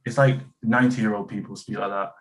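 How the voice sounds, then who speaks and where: A man's voice: fairly low pitch, fairly even intonation, fairly quick, low-quality recording. An English man chatting casually on a podcast, a bit hesitant and self-deprecating. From England. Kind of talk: casual chat.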